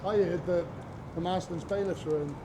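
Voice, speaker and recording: A man's voice: high-pitched, fairly even intonation, normal speed, noisy background. A man chatting casually in a laid-back way while filming outdoors on a city street.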